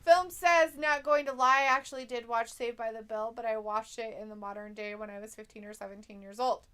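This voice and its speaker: Woman, around forty, live-stream co-host, bright high voice, giggly, swears a lot. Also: steady tone, brisk, clean tone. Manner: giggly, swears often, reads chat messages aloud. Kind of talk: casual live-stream commentary.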